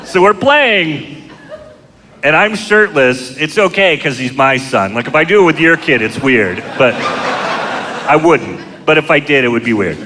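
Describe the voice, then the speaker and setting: A middle-aged man doing a stand-up comedy set, telling crude, self-mocking stories in a deadpan way, recorded live in a comedy club. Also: on the high side, measured pace. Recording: live club show, long hall reverb, audience noise. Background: audience laughter.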